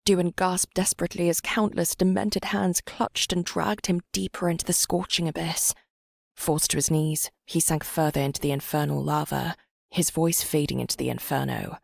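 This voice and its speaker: A woman reading a fantasy audiobook in measured, dramatic scripted narration. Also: low voice, steady tone, gravelly, no room sound, clean studio sound.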